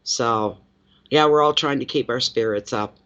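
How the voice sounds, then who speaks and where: A man's voice: medium pitch, moderate pace, fairly bright tone, clean tone. A man hosting a tarot-reading livestream, chatting casually with viewers in a rambling way and laughing easily. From eastern Canada. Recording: dull lo-fi livestream audio.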